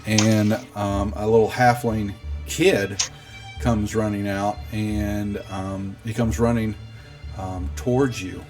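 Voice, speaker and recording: Low voiced guy game-mastering, lots of ums, faint music behind. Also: steady tone, slow pace, darkish tone. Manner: hesitant, many ums. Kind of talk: narrating a tabletop game.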